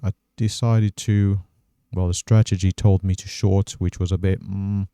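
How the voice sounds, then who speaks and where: A man hosting a trading channel, walking through his day's trades on screen in a measured, methodical way and thinking aloud. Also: sits low, level tone, dark tone, clean tone, no room sound, clean studio sound. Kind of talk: casual trading recap over screen recording.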